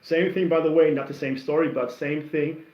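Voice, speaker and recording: A man hosting a livestream, casually chatting through viewer comments and telling stories in a rambling, animated way with lots of restarts. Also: fairly high pitch, moderate pace. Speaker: livestream host reacting to music. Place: home. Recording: roomy, somewhat dull stream audio.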